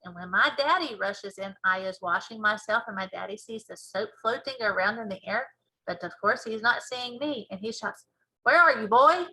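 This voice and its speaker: A woman teacher reading a children's book aloud with lively, expressive storytelling. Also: mid-range voice, normal speed, low-quality recording.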